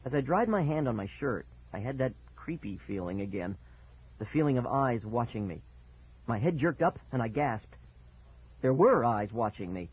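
A man reading a first-person story aloud with expressive, dramatic delivery and a husky voice. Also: medium pitch, normal speed. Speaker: audiobook narrator. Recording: tinny phone-like sound.

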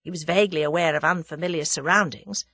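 A woman narrating a novel as an audiobook in a measured, expressive reading. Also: deep voice, slightly rough, dry recording. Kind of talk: scripted narration.

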